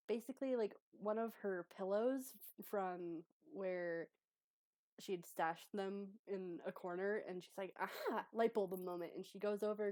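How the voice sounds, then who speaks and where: A woman's voice: mid-range voice, darkish tone, dry recording. A woman in casual tabletop role-play, chatty and full of fillers. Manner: chatty, many fillers and restarts. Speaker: tabletop player.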